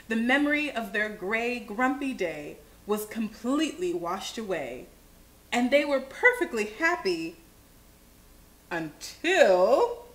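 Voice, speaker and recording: Animated woman reading a storybook aloud. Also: on the high side. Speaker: children's show host. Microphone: livestream. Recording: echoey room.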